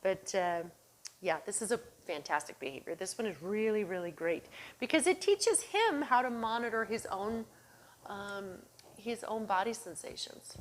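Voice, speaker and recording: A woman dog trainer talks through a demonstration in a calm, encouraging way. She praises the dog softly and low, and now and then calls him in a high, excited voice. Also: normal speed, a little hiss or hum.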